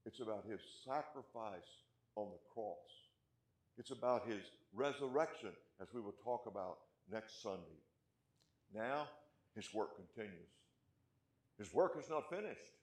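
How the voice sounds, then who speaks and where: Emphatic preacher in an echoey room. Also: male voice, fairly low pitch, expressive, unhurried. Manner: emphatic, rising loud on key points, then dropping quiet; asks the congregation rhetorical questions. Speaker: pastor. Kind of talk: sermon.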